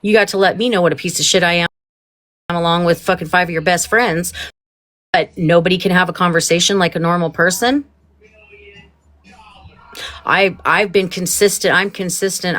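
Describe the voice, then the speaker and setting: Lowish voiced woman ranting on her live, swearing a lot, heated and rambling. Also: a bit bright. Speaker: livestream host. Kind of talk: angry livestream rant.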